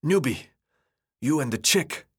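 A cocky teenage boy, winded and raw from running, talks down to everyone with bored scorn, as a male narrator puts him on. His delivery rises and dips in a lively sweep. It is a storybook reading. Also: fairly high pitch, unhurried, breathy edge, no room sound, studio quality, voice pushed up. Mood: scornful. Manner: mocking, bossy, dismissive. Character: brash sarcastic teenage boy runner, worn out.

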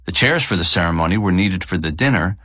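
Deep-voiced male audiobook narrator. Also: dry recording. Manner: measured, expressive reading. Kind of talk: scripted narration.

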